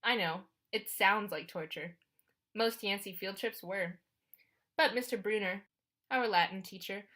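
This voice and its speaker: Woman reading an audiobook out loud, chatty and wry, telling it like her own story. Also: mid-range voice. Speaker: audiobook narrator. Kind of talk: first-person audiobook narration.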